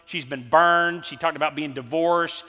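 A middle-aged man delivers a sermon, telling stories in a chatty, unpolished way with fillers and restarts. His voice sits a little high and sounds bright and forceful. The sound carries a long reverb, as in a large hall. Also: moderate pace. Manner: conversational, anecdotal, with fillers and restarts. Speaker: preacher. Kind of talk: sermon with storytelling.

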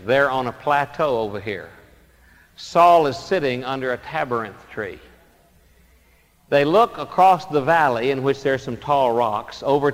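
Pastor guy preaching, big storytelling swings loud to soft, long hall reverb around him. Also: mid-range voice. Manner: dramatic storytelling, swings between loud emphasis and soft asides. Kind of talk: sermon.

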